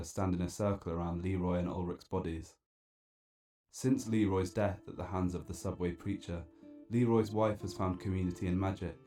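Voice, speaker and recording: A man narrating a dark, absurd spoken-word story in a deadpan, wry and theatrical way. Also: low voice.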